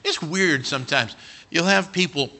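A middle-aged male pastor preaching a sermon, telling stories and swinging from quiet asides to loud near-shouts. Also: on the high side, normal speed.

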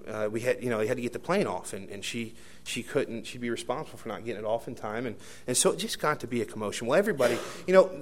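A man preaching a sermon, telling a personal story with many fillers and restarts, moving between hushed asides and loud emphatic bursts. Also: medium pitch. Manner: rambling anecdotal delivery with many fillers and restarts.

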